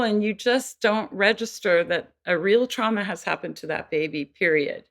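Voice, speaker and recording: A woman speaks on the low side, unhurried, with a fairly bright tone. Interviewed on a podcast as a child development specialist, she explains earnestly, slipping into quoted voices from time to time.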